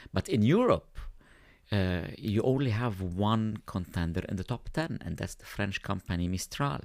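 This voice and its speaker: Podcast guest, male, lowish voice, dry close sound, measured and thoughtful. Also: lively intonation, darkish tone, no echo. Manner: thoughtful, pauses with fillers. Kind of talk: conversational explaining.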